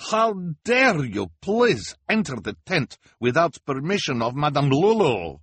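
Man playing Madame Lulu, shrill bossy fake fortune-teller. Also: very animated, a little slow, slightly rough, dry recording, exaggerated voice. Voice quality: odd foreign-sounding broken speech. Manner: bossy and shouting. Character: temperamental fake fortune-teller woman with odd accent.

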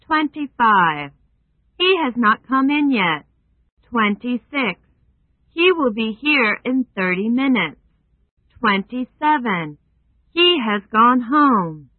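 A woman reading a numbered list of phrases for learners in slow, careful, even delivery. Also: fairly high pitch, no echo. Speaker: English phrase reader. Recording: tinny phone-like sound.

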